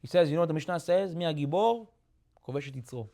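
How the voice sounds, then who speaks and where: A rabbi's sermon comes fast, in a somewhat high voice with lively intonation. He keeps circling back to his main lines and peppers the talk with Hebrew terms, often swelling to loud, emphatic peaks.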